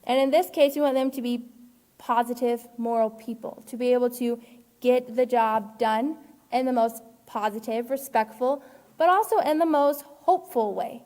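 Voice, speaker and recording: A woman's voice: on the high side, moderate pace, dark tone, big-room sound. A woman teacher giving an online character-education lesson in an earnest, encouraging way. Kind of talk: live online class lesson.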